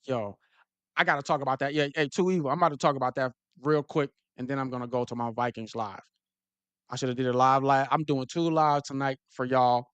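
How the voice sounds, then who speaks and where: Here a medium-pitched man talks football briskly and smoothly, tossing slang at his viewers and restarting himself over and over with plenty of energy. The lo-fi recording carries no echo.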